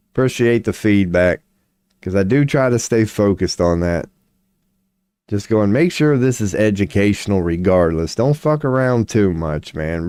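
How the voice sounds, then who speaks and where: Rambling man with a hoarse voice. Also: fairly low pitch, darkish tone, no echo. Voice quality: voice going hoarse from long streams. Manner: rambling, swears casually, laughs often, reads chat aloud. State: hoarse, clearing throat. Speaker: streamer doing tarot readings. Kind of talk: casual live-stream chat.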